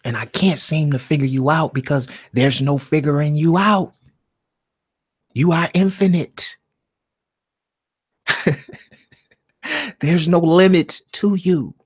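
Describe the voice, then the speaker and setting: A man hosting a live stream alone, talking in a slow, meditative monologue that swings from loud emphasis down to a near-whisper. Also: on the high side, steady tone, husky. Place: alone at home.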